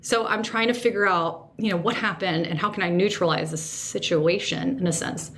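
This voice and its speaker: A woman's voice: fairly low pitch, normal speed, slight background noise. Emotional woman host telling a story. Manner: animated, second-guesses herself aloud; emotional, sensitive. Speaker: podcast host. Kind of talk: personal storytelling monologue.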